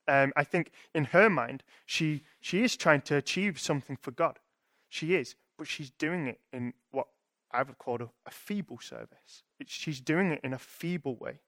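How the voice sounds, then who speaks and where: A man's voice: on the high side, moderate pace, fairly bright tone, dry recording, studio quality. Young man preaching conversationally. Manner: conversational, thinking aloud with frequent restarts and rhetorical "right?". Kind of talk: sermon.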